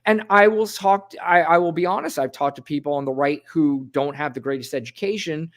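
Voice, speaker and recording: A man's voice: fairly high pitch, a little fast, a bit bright. Blunt male podcast co-host. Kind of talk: casual chat.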